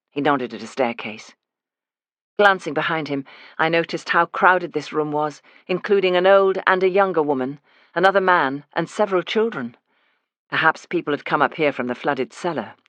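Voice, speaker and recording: A man reading a first-person mystery audiobook in measured storytelling narration. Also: on the high side, fairly bright tone, no echo.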